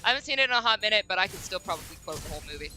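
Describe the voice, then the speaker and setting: A bubbly woman streaming a game, chatting casually with a bright, forceful voice and laughing often. Faint game music plays underneath. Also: medium pitch, expressive, rapid-fire.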